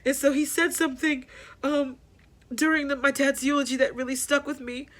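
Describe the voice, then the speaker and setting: A woman hosting a personal grief podcast, talking candidly and haltingly, repeating herself as she works through her thoughts. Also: sits high, level tone, a bit bright. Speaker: podcast host.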